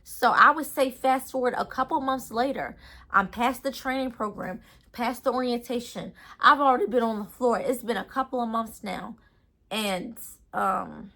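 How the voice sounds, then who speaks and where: A young adult woman telling a casual storytime vlog in an animated, ranting way with lots of slang. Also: on the high side, normal speed, a little hiss or hum. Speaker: storytime vlogger.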